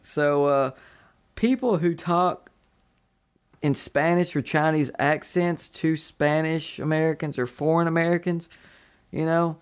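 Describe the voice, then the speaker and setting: A man's voice: fairly high pitch, steady tone, a little slow, clean tone. A man hosting a podcast in casual chat, rambling with many fillers and restarts. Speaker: podcast host.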